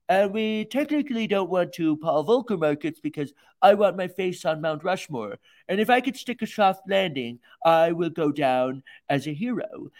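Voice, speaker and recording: A man's voice: a little high, pitched above the performer's own voice. A man putting on a mock-grandiose impression of a self-important male central banker who boasts and schemes.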